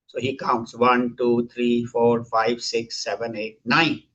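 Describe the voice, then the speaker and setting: A man's voice: medium pitch, steady tone, unhurried, hardly any pauses, fairly bright tone, husky, highs cut off. A man teaching a scripture class, telling stories and acting out the characters in them. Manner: storytelling, acts out quoted characters. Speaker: spiritual teacher.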